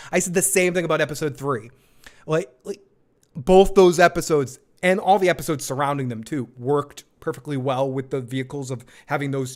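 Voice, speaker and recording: A man hosting a live TV episode review, talking in an excited, rambling way, repeating himself and swearing now and then. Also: a little high. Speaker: show host.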